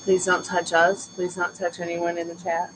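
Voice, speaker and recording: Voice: medium pitch, completely flat delivery, moderate pace, noisy background. A tarot reader hosting a casual late-night live stream from a couch at home, chatting with viewers and the dog, sleepy and yawning.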